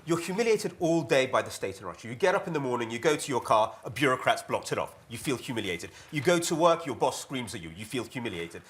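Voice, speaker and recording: A man's voice: medium pitch, quick pace, few pauses, slightly rough. Wry man speaking on a panel. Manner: lively, wry, quoting others in mock voices. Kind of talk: panel discussion remarks. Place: conference hall.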